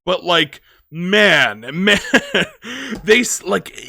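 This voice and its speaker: A man's voice: high-pitched, animated, drawn-out words, gravelly, pushed and bright, dry recording, clean studio sound. A man giving a casual movie review, rambling with lots of filler words.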